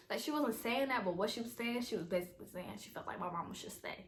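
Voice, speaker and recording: A woman's voice: fairly high pitch, lively intonation, fast, few pauses, slight background noise. Chatty young woman telling a storytime. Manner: chatty, rambling, talks straight to viewers as "y'all". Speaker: vlogger. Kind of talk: casual storytime vlog.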